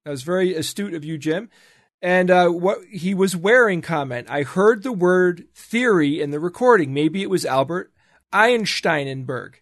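A man's voice: high voice, animated, normal speed, no echo, studio quality. A man co-hosting a podcast, playfully reading out listener emails in a casual chat. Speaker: co-host presenting a listener quiz segment.

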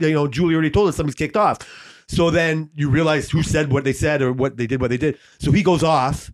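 A man co-hosting a casual podcast, telling a long story. He rambles, swears freely and leans on fillers. His voice sits a little higher than most men's. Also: steady tone, fast, few pauses. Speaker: podcast co-host. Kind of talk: casual chat.

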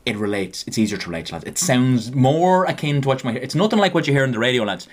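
A young Irish man co-hosts a casual podcast, joking and teasing, with plenty of rise and fall in his pitch. He keeps turning to the listeners and addressing them as lads. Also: very animated, quick pace. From Ireland. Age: 20s. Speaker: podcast co-host. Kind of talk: casual chat.

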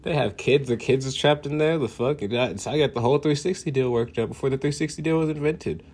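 Brief: a man with a husky, mid-pitched voice doing a profane, boastful comic rant. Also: fast talker, darkish tone. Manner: profane, boastful, laughing often. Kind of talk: casual comedic rant.

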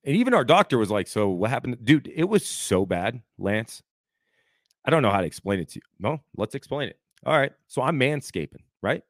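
A man's voice: medium pitch, very animated, brisk, no room sound, studio quality. A man in his thirties, a podcast co-host, telling a story in casual chat and acting out the quotes, saying "dude" a lot.

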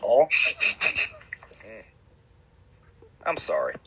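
A young adult man co-hosting a sports podcast, who teases and mocks in quick joking riffs. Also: lowish voice, wildly swooping pitch, bright, forceful tone, slightly rough. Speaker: podcast co-host. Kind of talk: casual sports chat.

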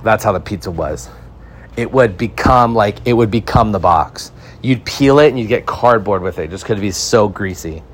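A man's voice: fairly low pitch, lively intonation, moderate pace, a little hiss or hum. A young man from California hosting a podcast, telling rambling comic stories in casual, swearing slang. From California, United States. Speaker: podcast host.

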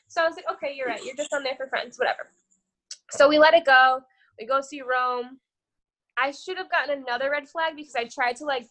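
A woman's voice: high-pitched, fairly bright tone. A young woman guesting on a podcast, telling a long dating story in a casual, rambling way, cursing freely and tossing in "whatever". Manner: profane, rambling, says "whatever" a lot.

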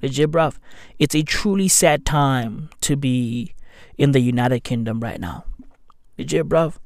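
Slow, slangy man ranting. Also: medium pitch, darkish tone, no echo, clean studio sound. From London. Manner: slangy, sardonic rant with mock apologies. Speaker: comedian and podcaster. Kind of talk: profane comedic monologue. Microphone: new studio microphone.

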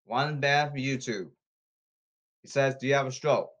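A man rambling to his audience, reading rules off his phone and repeating himself insistently, with halting restarts. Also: medium pitch, a bit bright, lo-fi sound. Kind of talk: rambling monologue to camera.

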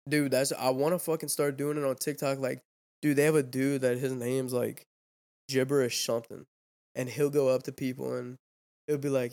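A man's voice: medium pitch, flat delivery, moderate pace, creaky, a little mellow. A young man, hosting a podcast and chatting casually, rambling and swearing with constant fillers. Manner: rambling, profane, fillers "dude" and "like". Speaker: podcast host. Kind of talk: casual chat.

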